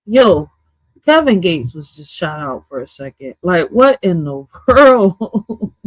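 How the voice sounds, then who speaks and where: A woman's voice: on the low side, very animated, takes it slowly, husky, dry recording. A woman reacting to a podcast clip on her stream, goofy and swearing, slipping into now and then. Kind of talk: casual reaction commentary.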